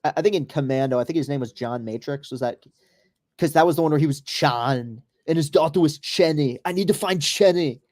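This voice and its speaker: Dude rambling about baseball and movies, swears a lot, casual podcast commentary. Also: male voice, on the high side, a little mellow. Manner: rambling, profane, quick asides. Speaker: podcast host. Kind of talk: casual commentary over a live baseball game.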